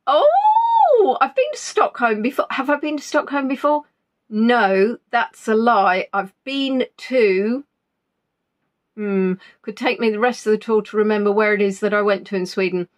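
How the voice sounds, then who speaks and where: A woman livestreams from home, rambling chattily in a mid-range voice at a moderate pace. She keeps poking fun at herself and still sounds not fully recovered from an illness.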